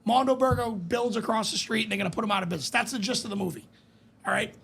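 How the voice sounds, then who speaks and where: Young dude on a podcast, raspy high voice, hyped and swearing a lot. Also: male voice, very fast. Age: young adult. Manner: excited, swears a lot, gushing about a movie. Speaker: podcast co-host. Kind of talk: casual chat.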